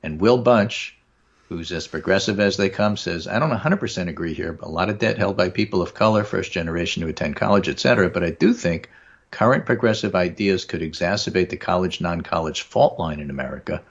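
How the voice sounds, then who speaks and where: Brief: deep, husky New York man, dull lo-fi sound, talks politics in a wry rambling way. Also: a little fast. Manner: wry, rambling, reads quotes aloud. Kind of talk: casual political chat.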